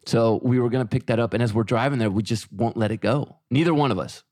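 A man's voice: mid-range voice, quick pace, a little mellow, dry recording, clean studio sound. A middle-aged man co-hosting a podcast, telling a story in casual chat and quoting himself and his wife. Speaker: podcast co-host.

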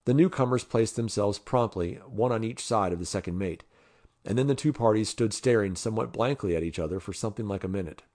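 A man narrating an adventure novel in a measured way, lifting his voice for the dialogue. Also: darkish tone. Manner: measured, voices characters with raised pitch. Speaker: audiobook reader.

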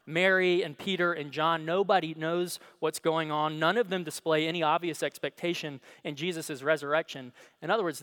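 Telling the story with drama, a male pastor with a voice on the high side delivers a sermon in church, alternating between hushed and emphatic passages.

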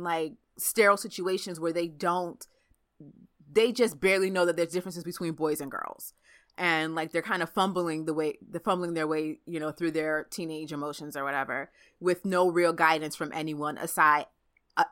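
Lady chatting on a podcast, lots of likes and ums, bright lowish voice. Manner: animated, talks fast with frequent fillers. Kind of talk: casual chat.

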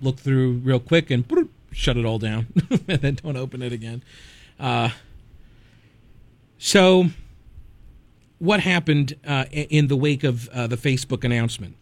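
A male talk radio host speaking into a close studio mic with a dry, deadened sound. He rambles in a conversational, opinionated way and keeps wandering off on wry side notes. His pitch sits in the middle range. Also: dry recording. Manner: conversational, digressive, wry asides. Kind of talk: conservative talk radio commentary.

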